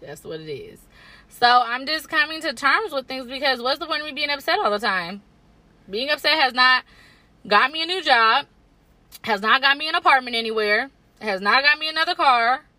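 A young woman talks candidly on a podcast, reflective and a little weary. Her voice sits fairly high and sounds bright. The recording is dry and close. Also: expressive, moderate pace, dry recording. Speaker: podcast co-host. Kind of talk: casual chat.

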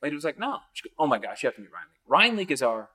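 Male podcast guest, mid-pitched, lively storyteller who jumps up in pitch for quoted voices and laughs a lot. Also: rapid-fire, breathy edge. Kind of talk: casual storytelling.

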